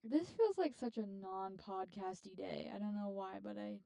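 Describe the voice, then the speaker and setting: A woman's voice: mid-range voice, animated, moderate pace, gravelly, mellow, rough recording. A young woman co-hosting a student podcast, talking in a laid-back, slightly tired way. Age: young adult. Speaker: podcast co-host. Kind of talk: casual chat.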